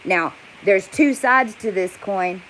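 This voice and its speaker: Woman vlogger, angry rambling rant, swearing freely, mid-pitched voice, faint hiss behind. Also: slow, fairly bright tone, low-quality recording. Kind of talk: heated monologue to camera.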